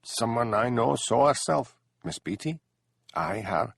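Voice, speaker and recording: Cocky Highland schoolboy with a broad Scottish accent, played by a man, swaggering. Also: lively intonation, measured pace, vocal fry, a bit bright, breathy edge, no room sound, studio quality, heavily acted. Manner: boastful, broad dialect.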